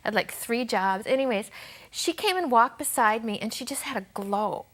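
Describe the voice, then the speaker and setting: A woman's voice: on the high side, lively intonation, normal speed. A woman telling her personal testimony as a guest, earnest and often dropping to a near whisper.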